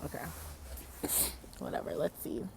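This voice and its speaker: A woman vlogging outside at night on a phone, rambling casually and loosely, laughing and losing her train of thought, a little high. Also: a little slow, warm tone, a little hiss or hum. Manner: rambling, laughing, self-interrupting. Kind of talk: casual chat. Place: outdoors at night.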